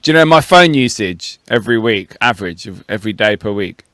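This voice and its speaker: A man's voice: fairly low pitch, lively intonation, brisk, fairly bright tone, no room sound, studio quality. A man co-hosting a casual podcast chat, blunt and emphatic and swearing. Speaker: podcast co-host.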